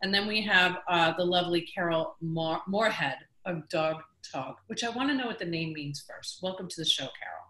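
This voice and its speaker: A woman's voice: on the low side, moderate pace, hardly any pauses, pushed and bright, echoey room. A woman hosting a podcast, chatting in an upbeat, jokey way. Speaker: podcast host. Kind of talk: casual chat. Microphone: video call.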